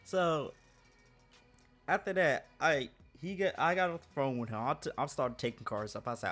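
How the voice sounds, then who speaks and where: A man's voice: a little high, normal speed, fairly bright tone, soft background music. A man telling a work story in a casual, slangy way, laughing often.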